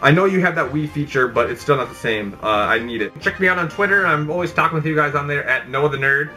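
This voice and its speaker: A young man rambles through an unscripted opinion vlog, exasperated and full of mock outrage. His voice is bright and a little high. Faint game music plays behind him. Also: fast. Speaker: YouTube channel host. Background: background game music.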